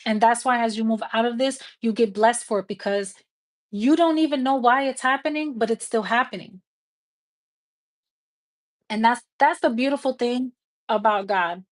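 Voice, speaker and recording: A woman's voice: a little high, moderate pace, long pauses. A woman giving a live tarot reading, talking to viewers in a casual, frank and encouraging way and swearing freely. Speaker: tarot reader.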